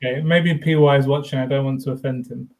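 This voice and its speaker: A man's voice: mid-range voice, steady tone, fast, darkish tone. A man co-hosting a casual live stream, explaining points in an informal way with mild swearing. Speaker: co-host of a theme park fan channel.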